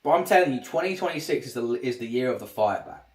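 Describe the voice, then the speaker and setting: Man streamer, casual, self-interrupting talk, mid pitch, echoey room. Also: expressive, quick pace. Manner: rambling, restarts sentences often. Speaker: livestreamer. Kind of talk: casual livestream chat. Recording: roomy echo.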